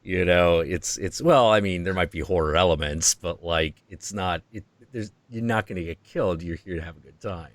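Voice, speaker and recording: Deep-voiced man musing slowly. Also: dry recording. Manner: slow, reflective, musing with many pauses. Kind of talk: casual chat.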